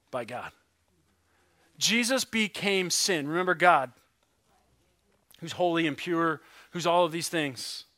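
Pastor, male, high bright voice, earnest sermon delivery with hushed emphasis, dry close sound. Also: dry recording. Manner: earnest preaching, drops to a hush on key words; reads scripture slowly and deliberately.

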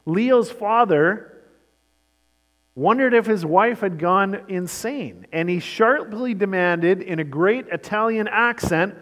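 A man's voice: high voice, fairly bright tone. Man preaching in a reverberant hall. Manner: storytelling, shifting between brisk and slow emphatic delivery. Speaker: pastor. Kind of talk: sermon.

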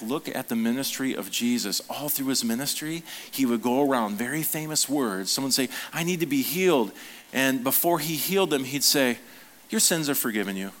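A male pastor delivers a sermon in an easygoing, conversational way. His voice sits in an ordinary middle range. He keeps asking the room questions and slips into quick acted-out voices for the people he quotes. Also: mid-range voice, bright, forceful tone.

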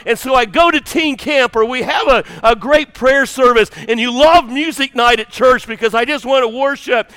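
A male pastor preaching a sermon in an animated, rambling way, with self-deprecating asides. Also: extremely high pitch, normal speed, few pauses, clear, resonant tone, big-room sound.

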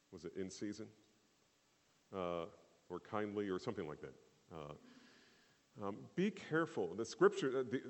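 A man's voice: fairly low pitch, in a large hall. A middle-aged male pastor preaching a sermon in a conversational way, with fillers and repeated phrases.

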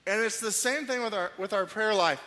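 A man's voice: sits high, brisk. A middle-aged man preaching a sermon as pastor, telling stories and acting out quoted voices. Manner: animated storytelling, acts out quoted voices. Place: church sanctuary. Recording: long hall reverb with faint music.

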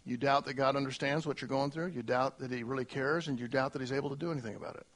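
A man preaching a sermon to a church congregation, emphatic, with long spoken lists and big swings between loud and soft. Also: medium pitch, steady tone, quick pace. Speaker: pastor.

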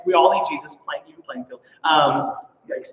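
A male pastor from Alaska preaching a sermon with an animated, playful manner and sarcastic asides. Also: fairly high pitch, moderate pace, highs cut off. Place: church sanctuary. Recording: echoey hall, from far off.

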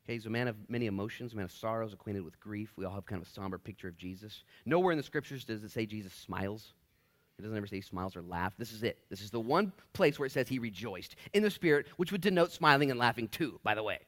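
A man preaching a casual, jokey sermon in a church. He swings from loud, excited bursts to hushed whispers. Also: lowish voice, fast. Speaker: pastor. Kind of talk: expository sermon. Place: church sanctuary.

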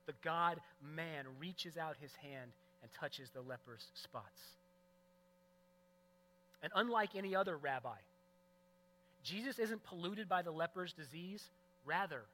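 A male pastor preaching a sermon in an earnest, emphatic way, moving between loud stresses and hushed moments. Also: fairly high pitch, a little hiss or hum, low-quality recording.

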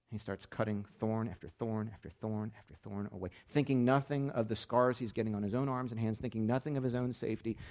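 A middle-aged man preaching a sermon, fast-talking and emphatic, swinging from loud bursts to hushed stretches. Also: mid-range voice. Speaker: pastor.

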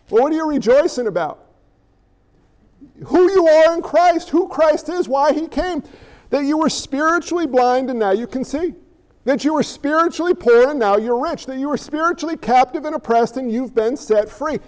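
A pastor preaches in a conversational, joking way, tossing questions out to the congregation. His voice sits very high for a man, light and reedy. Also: lively intonation, moderate pace, darkish tone, low-quality recording. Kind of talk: sermon.

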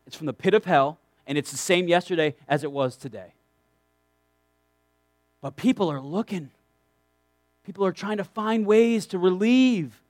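A man's voice: high voice, moderate pace, pauses often, a little mellow, no room sound. A man preaching a sermon to young people, reading scripture aloud and breaking off into emphatic asides, with frequent restarts. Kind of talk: sermon to a youth group.

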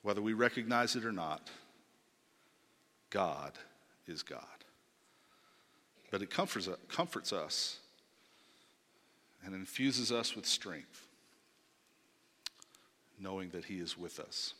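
A man preaching a sermon, emphatic, swinging from loud declarations to hushed asides and asking rhetorical questions. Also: low voice, expressive, slow pace, long pauses, in a large hall.

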